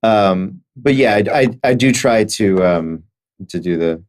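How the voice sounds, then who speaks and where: Low-pitched guy, game master, chatting between scenes, kinda sorry and halting. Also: animated, a little mellow. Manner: apologetic, halting, many restarts.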